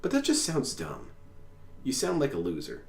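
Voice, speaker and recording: A man with a fairly low voice rants in a sarcastic, exasperated way as he reacts to a clip on stream. He sounds a little far from the mic in an echoey room with faint noise under him. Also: huge pitch swings, normal speed, gravelly. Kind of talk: ranting reaction commentary.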